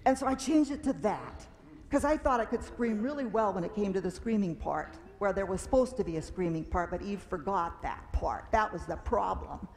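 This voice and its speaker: A woman telling a children's story at a church service, animated and dramatic, acting out fearful cries and screams. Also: medium pitch, moderate pace, long reverb tail. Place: large meeting hall.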